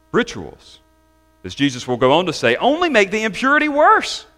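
Man pastor, high bright voice, emphatic sermon delivery with drawn-out key phrases. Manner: emphatic preaching, slowing down to stress key words.

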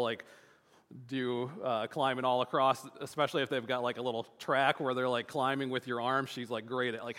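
A man's voice: mid-range voice, a bit bright. A man in his thirties telling a family anecdote in a loose, rambling way, with lots of fillers and restarts. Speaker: father telling a family story. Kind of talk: casual personal storytelling. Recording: long reverb, hall-like.

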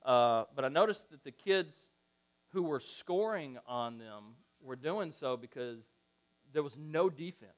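A man's voice: on the high side, measured pace. A middle-aged man preaching a sermon, telling stories animatedly and acting out quotes. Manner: animated storytelling, acts out quotes. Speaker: pastor.

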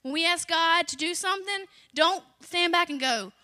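A young woman, a children's pastor, praying and preaching in a lively way and reading scripture aloud with dramatic jumps in loudness. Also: very high voice, moderate pace, dry recording. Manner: animated, acts out quotes with sudden loud rises. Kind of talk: prayer and sermon with scripture reading.

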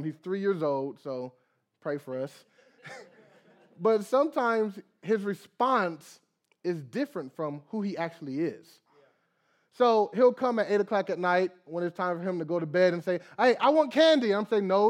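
Young guy preaching, pretty high voice, really animated, acts out little back-and-forths. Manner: animated preaching with acted dialogue and prayer. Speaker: pastor. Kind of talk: sermon.

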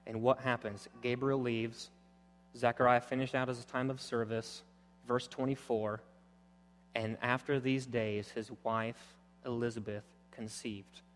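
A man preaching a sermon, animated, moving between loud emphatic points and quiet, intense passages. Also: mid-range voice, a little slow, long reverb tail, a little hiss or hum. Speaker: pastor.

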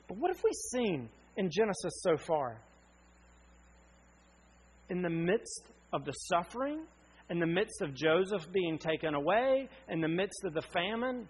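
A man's voice: high-pitched, animated, a little slow, long pauses, slightly rough, rough recording. A man in his thirties, from North Carolina, preaching an earnest sermon with emphatic questions. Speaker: pastor.

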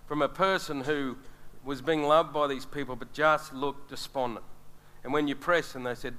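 A man's voice: medium pitch, steady tone, normal speed, hardly any pauses, pushed and bright. A middle-aged man preaching a sermon, earnest and speaking straight to his congregation. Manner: earnest, addresses the congregation directly.

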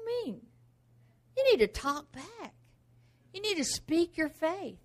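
A woman's voice: very high-pitched, sing-song, slow pace, long pauses, a little mellow. A woman preaching a sermon emphatically, firing off rhetorical questions.

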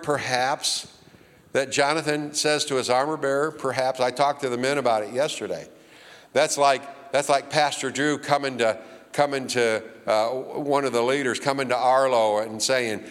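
A man's voice: fairly high pitch, a little slow, fairly bright tone. An older man preaching a sermon with folksy, humorous storytelling and acted-out voices in a church auditorium. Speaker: pastor. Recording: reverberant hall.

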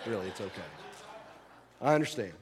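A man's voice: on the low side, animated, a little fast, some chatter behind. A male pastor preaching a sermon in a folksy, conversational way, asking the congregation questions. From rural American South. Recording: long hall reverb.

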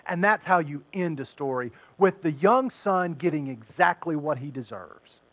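A man with a high voice delivers a sermon as a lively story, slipping into the voices of the listeners he describes. The sound is dry and close, with no room echo. The recording is a little dull. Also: normal speed. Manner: storytelling, acting out crowd voices. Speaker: pastor.

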